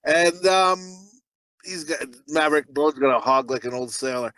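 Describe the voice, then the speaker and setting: A man's voice: on the high side, normal speed, fairly bright tone, dry recording. A man co-hosting a casual movie podcast, rambling and laughing as he cracks crude jokes. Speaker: podcast co-host.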